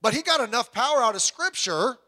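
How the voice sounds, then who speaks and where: A man's voice: very high voice, expressive, brisk, sharp tone. A middle-aged man preaching a sermon in a folksy, joking, conversational way.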